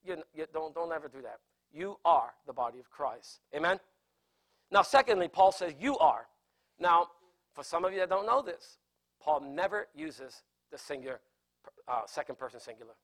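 Earnest pastor, fairly high voice. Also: male voice, lively intonation, moderate pace, fairly bright tone. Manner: earnest, repeats phrases, rises in emphasis. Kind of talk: sermon teaching.

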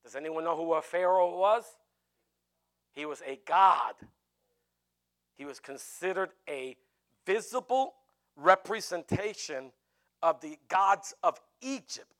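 A man preaching a sermon in an animated way, with jokey asides. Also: fairly high pitch, takes it slowly, long pauses.

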